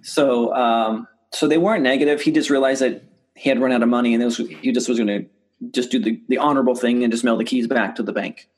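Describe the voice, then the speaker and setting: A man, a real estate investor, telling deal stories in a casual interview, restarting sentences and acting out quoted dialogue in a lively way. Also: quick pace. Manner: animated, acts out quoted dialogue with rising pitch; many restarts and repeated words.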